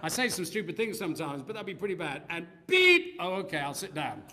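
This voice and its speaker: Lively preacher, bright and animated. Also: male voice, a little high, quick pace, slight background noise. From Australia. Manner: animated, joking asides, sound effects. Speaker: pastor. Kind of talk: sermon.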